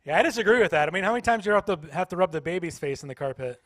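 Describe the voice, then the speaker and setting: A man's voice: high voice, animated, very fast, a bit bright, no room sound. A man doing stand-up comedy at a church, playfully teasing the audience. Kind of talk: stand-up comedy with crowd work. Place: church stage.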